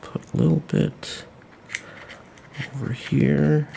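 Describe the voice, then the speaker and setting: A man walking through a model glider build at home at night, thinking aloud in a relaxed, self-deprecating way. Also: fairly high pitch, slow, creaky, slight background noise. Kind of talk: hands-on build tutorial.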